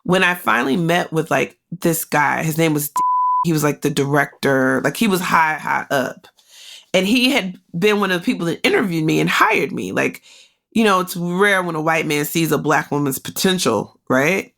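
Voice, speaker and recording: Brief: woman podcast host, low-pitched and gravelly, candid storytelling full of "like" fillers. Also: animated, normal speed, fairly bright tone. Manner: candid and emotional, talks straight to listeners; conversational, with many "like" fillers. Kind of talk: personal storytelling.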